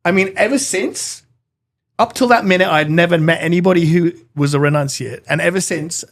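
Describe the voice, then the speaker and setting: As an interview guest, a middle-aged British man shares his own story earnestly and animatedly, acting out the dialogue. He speaks fairly quickly in a high-pitched voice.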